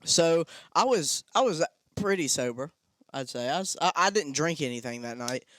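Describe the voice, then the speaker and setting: A man's voice: a little high, lively intonation, normal speed, a bit bright, dry recording, studio quality. A young man telling a story casually on a podcast, rambling and swearing a lot. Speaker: podcast co-host.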